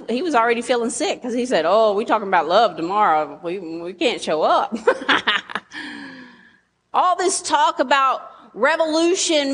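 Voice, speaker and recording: A woman's voice: a little high, fairly bright tone, a little hiss or hum. A woman pastor, preaching a sermon in a conversational way and teasing her congregation with asides.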